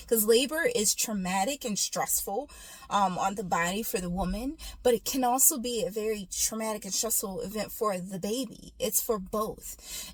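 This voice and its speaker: A woman talks casually and encouragingly about faith and patience, telling her own story in an easy, personal way. Her voice sits at an ordinary pitch, and the recording is dry and close with no room sound. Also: no echo. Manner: warm encouraging, storytelling, calls listener "baby". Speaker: faith and self-care speaker. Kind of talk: casual inspirational talk.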